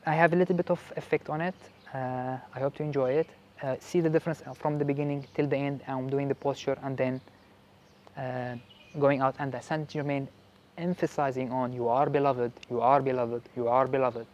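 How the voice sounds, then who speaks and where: A man vlogging about his spiritual practice in casual talk, halting and repeating words as he searches for his phrasing. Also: medium pitch, fairly even intonation, darkish tone, muffled recording. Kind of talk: casual explanatory vlog talk.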